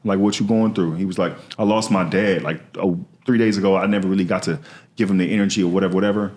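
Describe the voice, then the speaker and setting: A man's voice: low voice, steady tone, quick pace, darkish tone. A man, a comedian guest on a podcast, telling candid, slangy and earnest stories from his life in casual conversation.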